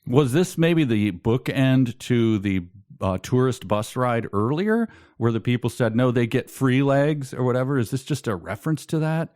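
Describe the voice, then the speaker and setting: A man's voice: medium pitch, animated, normal speed, darkish tone, no room sound, studio quality. A man co-hosting a casual book podcast, wry and incredulous, often restarting his sentences. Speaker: podcast co-host.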